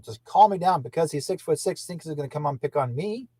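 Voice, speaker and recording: Indignant older man, husky voice. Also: on the high side, expressive, fast, mellow, no echo. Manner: indignant, repetitive, restarts often. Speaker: livestream host. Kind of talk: rambling livestream talk.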